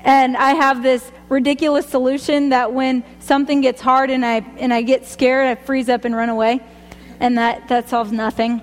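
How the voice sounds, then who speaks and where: A woman's voice: high-pitched, level tone, moderate pace, in a large hall. A woman sharing a personal faith testimony, rambling and chatty, often laughing at herself. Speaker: speaker giving a testimony.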